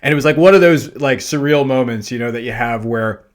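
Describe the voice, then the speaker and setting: A man hosting a podcast, telling a personal anecdote in a loose, animated way, full of fillers and self-deprecating laughter. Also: medium pitch, fairly quick. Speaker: podcast host. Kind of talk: storytelling monologue.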